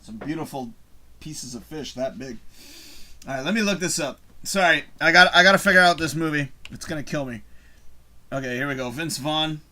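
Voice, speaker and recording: Guy hosting a live show, chatty and swears a lot, kinda high voice, laughs a bunch. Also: moderate pace, pushed and bright. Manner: loose and profane, laughs often, rambling asides. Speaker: live show host reading viewer questions. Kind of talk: casual live-stream chat.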